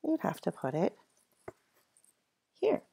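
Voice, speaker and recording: A woman's voice: medium pitch, huge pitch swings, takes it slowly, gravelly, mellow, breathy edge. A woman teaching a phonics lesson to young children, spelling words out letter by letter in an encouraging way.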